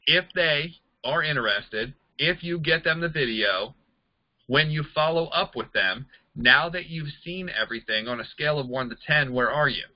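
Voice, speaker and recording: A man teaching a sales and recruiting class, talking fast and acting out bits of dialogue as he explains. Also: no room sound, highs cut off. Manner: energetic, acts out quoted dialogue with pitch jumps. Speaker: network marketing trainer. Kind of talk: recorded online class.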